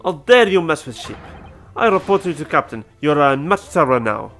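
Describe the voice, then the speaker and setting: A blustering male passenger, voiced by a man. He speaks broken English in a loud, raised voice. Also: fairly high pitch, sing-song, normal speed, soft background music. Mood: indignant.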